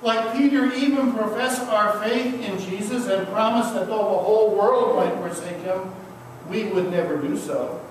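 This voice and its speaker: A man preaching a sermon as pastor, building slow, emphatic repeated refrains. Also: high voice, background noise. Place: church sanctuary. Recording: echoey church from a distance.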